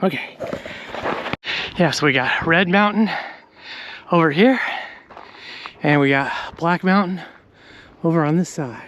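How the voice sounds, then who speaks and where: A man's voice: a little high, unhurried, long pauses. Breathless man vlogging on a trail. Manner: chatty, breathing hard while climbing. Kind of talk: casual vlog narration while hiking. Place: outdoors on a desert mountain trail. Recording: noisy outdoor recording.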